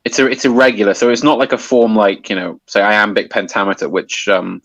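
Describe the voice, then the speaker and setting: A man's voice: on the low side, steady tone, brisk, a bit bright, no echo, highs cut off. A man explaining a topic in casual conversation, hesitant with many restarts and fillers. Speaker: guest explaining poetry.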